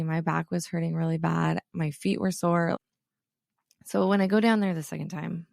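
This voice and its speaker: A woman's voice: lowish voice, creaky, no echo, clean studio sound. A woman in her thirties hosting a podcast, frankly recounting a fight with her partner, swearing casually and acting out both sides. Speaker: podcast host. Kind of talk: candid personal storytelling.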